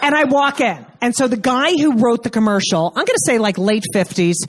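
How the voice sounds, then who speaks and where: A woman's voice: fairly high pitch, lively intonation. Brash profane woman stand-up comic. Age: 30s. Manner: brash, profane, acts out characters in quick asides. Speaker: stand-up comedian. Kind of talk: stand-up comedy set. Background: audience laughter.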